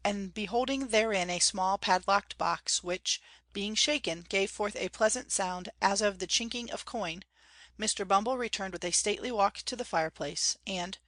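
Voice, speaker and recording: A woman reading a classic novel aloud as audiobook narration, measured and clear. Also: mid-range voice, a bit bright, dry recording. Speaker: audiobook reader.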